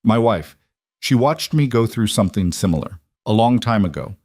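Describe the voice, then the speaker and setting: A man's voice: lowish voice, lively intonation, moderate pace, darkish tone, no room sound. A man voicing a sly, worldly older Greek mob boss with a Greek accent, speaking in a confiding, insistent way.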